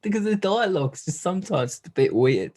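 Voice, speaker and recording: A man's voice: sits high, sing-song, a little fast, darkish tone. A man co-hosting a podcast in casual film chat, amused and incredulous, laughing often. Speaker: podcast co-host.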